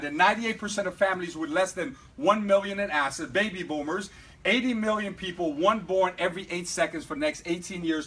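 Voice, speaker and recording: Man, high voice, energetic motivational trainer, live audience talk, keeps asking "right?". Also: rough recording. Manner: energetic, repeatedly asks "right?". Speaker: business trainer.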